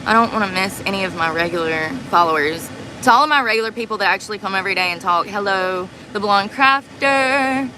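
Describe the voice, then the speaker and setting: A woman's voice: medium pitch, fast, noisy background. A profane woman venting in a truck. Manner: profane, blunt and exasperated. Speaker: vlogger livestreaming a get-ready-with-me. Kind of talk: casual storytelling while doing makeup. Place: inside a parked truck.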